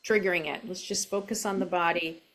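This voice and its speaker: A middle-aged woman coach speaking gently and reflectively as an interview guest, over a video call from home. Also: lowish voice, steady tone, brisk. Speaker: self-compassion coach. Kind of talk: interview guest, casual explanation.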